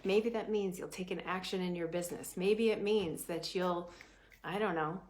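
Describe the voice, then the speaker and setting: In a lowish voice with a little hiss or hum behind it, a woman prosperity coach energetically motivates her class. Her pacing jumps from quick bursts to slow, lingering phrases, and she frequently checks in with "right?"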